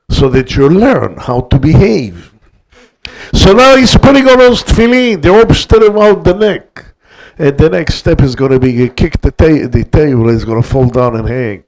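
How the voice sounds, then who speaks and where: An older man, a guest rabbi, telling a story in an emphatic way that swings between hushed passages and loud peaks. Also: fairly high pitch. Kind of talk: dramatic storytelling talk.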